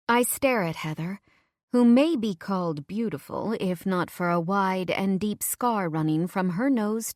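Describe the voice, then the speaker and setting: A woman reading a first-person audiobook in a measured, low-key way. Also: no echo, clean studio sound. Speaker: audiobook narrator.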